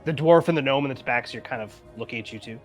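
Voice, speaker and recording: A man's voice: medium pitch, rapid-fire, faint music behind. A man from Canada narrating a tabletop game as game master, loose and chatty. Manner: loose, lively narration with many fillers.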